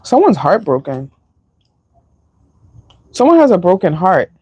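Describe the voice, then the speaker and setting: Slow, emotional woman reading tarot. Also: lowish voice, very animated, dark tone, husky, no room sound. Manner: slow, emotional, sighing, filler-heavy. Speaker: tarot reader. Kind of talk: live-stream tarot reading.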